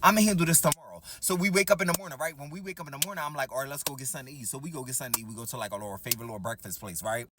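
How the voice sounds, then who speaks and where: A man telling a personal story in a casual storytime monologue, animated, talking straight to the audience and acting out the dialogue. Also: medium pitch, racing, hardly any pauses, very noisy.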